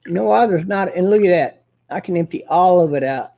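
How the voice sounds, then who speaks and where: A man's voice: sits high, fairly quick, creaky, dark tone, highs cut off. A man hosting his own show, ranting in a profane, combative and boastful way. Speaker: host. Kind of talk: casual ranting monologue.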